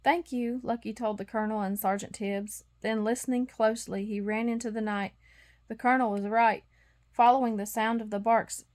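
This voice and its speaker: A woman reading a bedtime storybook aloud, expressive and acting out the sound effects. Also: mid-range voice. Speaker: storybook reader.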